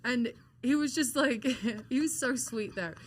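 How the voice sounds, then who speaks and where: A woman with an English accent, an interview guest telling animated, laughing stories with frequent swearing. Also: a little high, measured pace, a little hiss or hum. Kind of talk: casual storytelling interview. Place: hotel-side event venue in Las Vegas.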